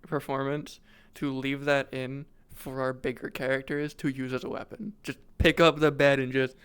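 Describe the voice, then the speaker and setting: Giggly, excitable streamer man. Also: medium pitch, normal speed, smooth. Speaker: roleplay streamer. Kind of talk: casual out-of-character chat.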